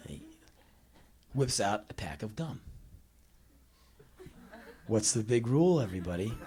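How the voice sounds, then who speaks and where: A man in his twenties from the United States telling a profane story live on stage, jumping into shouted impressions. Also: mid-range voice, lively intonation, moderate pace. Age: 20s. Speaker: spoken word performer. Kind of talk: live spoken word storytelling. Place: small live music venue.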